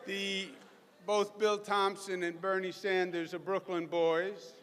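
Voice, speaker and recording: A man's voice: sits high, flat delivery, slow, fairly bright tone, a little hiss or hum. A middle-aged man with a Queens New York accent giving a rousing, folksy political speech to a crowd in a large hall. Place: large college hall with live audience. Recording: echoey hall, long reverb.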